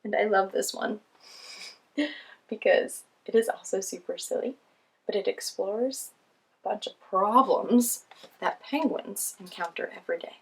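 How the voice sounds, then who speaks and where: A woman's voice: mid-range voice, unhurried, pauses often, breathy edge. A woman hosting a children's show, reading picture books aloud in a cheerful, sing-song way with frequent laughs.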